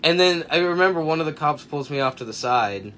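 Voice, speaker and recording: A man's voice: fairly high pitch, fairly quick, a little hiss or hum. A young man co-hosting a podcast, telling a long story in casual chat, acting out the quoted lines and swearing freely. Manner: animated anecdote teller, acts out quotes, swears often. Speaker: podcast co-host.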